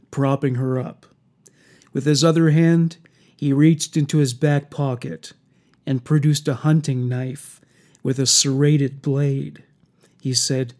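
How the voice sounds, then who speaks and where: A man narrating a dark horror story in a slow, even storytelling delivery. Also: on the high side.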